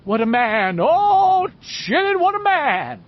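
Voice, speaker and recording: Guy playing a jokey middle-aged radio dj, talks quick, husky voice. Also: mid-range voice, big pitch swings, dull audio. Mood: laughing. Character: wisecracking middle-aged male radio DJ, restless joker.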